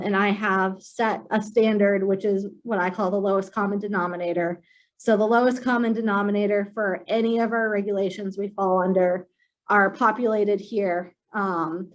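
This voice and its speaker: A woman presenting a software walkthrough in a webinar, speaking plainly with many um fillers. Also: medium pitch, low-quality recording. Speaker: compliance staff presenting software.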